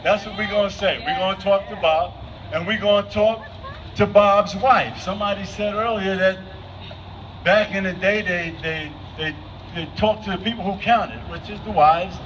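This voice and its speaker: A man's voice: high voice, steady tone, moderate pace, distant mic. A man giving an unscripted speech at an outdoor vigil, asking the crowd questions again and again. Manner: asks the crowd repeated questions. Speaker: speaker at a vigil. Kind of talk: impromptu public speech. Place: outdoor gathering. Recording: dull lo-fi with faint noise.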